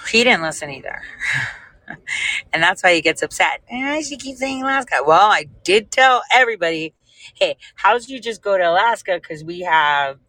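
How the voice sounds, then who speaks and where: A woman's voice: sits low, poor audio. A woman hosting a casual livestream chat, telling rambling stories and talking straight to her viewers. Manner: rambling, animated storytelling; speaks directly to viewers.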